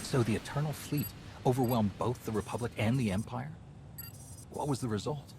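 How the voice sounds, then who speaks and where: An actor playing a calm male hero who asks an ally short, direct questions in a video game. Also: medium pitch, normal speed, noisy background, lightly acted. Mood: inquiring.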